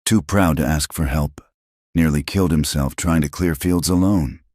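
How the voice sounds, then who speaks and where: A deep-voiced man puts on a stern old farm wife with a Norwegian accent, clipped and blunt in her broken English. The low voice is lifted for her, heard close and dry, as in a storybook reading. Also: moderate pace, a little mellow, dry recording.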